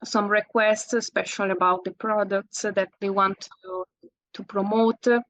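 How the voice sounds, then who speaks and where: A woman from Italy speaking English with an Italian accent, a guest in an interview, talking in halting phrases with fillers and self-corrections. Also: mid-range voice, flat delivery, a bit bright, no echo, rough recording. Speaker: guest landscape photographer. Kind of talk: casual interview.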